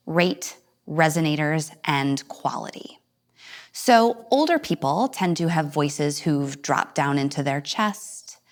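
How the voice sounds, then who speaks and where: A woman teaching an acting lesson to viewers at home, acting out each voice as she explains it and leaping suddenly high or low.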